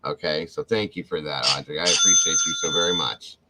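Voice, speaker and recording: A man with a rumbling low voice hosts a casual livestream, warmly greeting viewers by name and thanking them effusively. He talks a little fast with fairly even intonation, and the recording is very noisy.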